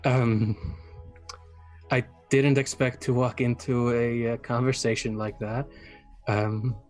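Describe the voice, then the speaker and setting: A man playing a tabletop role-playing game, speaking hesitantly with many pauses and fillers. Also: medium pitch, little pitch movement, soft background music. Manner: hesitant, lots of ums and uhs. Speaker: player. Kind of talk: tabletop role-play, in and out of character.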